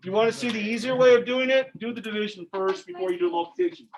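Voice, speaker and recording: In a dull, lo-fi classroom recording, a high-pitched math teacher talks fast. He teaches algebra in an informal, joking way, putting questions to his students as he solves problems.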